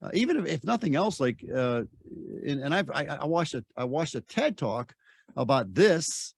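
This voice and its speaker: An older man with a fairly high voice talks as a mentor in a casual chat. He is emphatic and often restarts and repeats himself. The sound is dry and close, with no room around it. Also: big pitch swings, normal speed, creaky, breathy edge, no echo. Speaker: personal development mentor.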